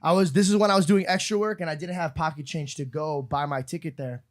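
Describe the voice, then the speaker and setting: A young man in his twenties talks fast and excitedly in a casual podcast chat. His voice runs a bit high, and he keeps laughing through his stories. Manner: excitable, laughs while storytelling. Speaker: podcast co-host.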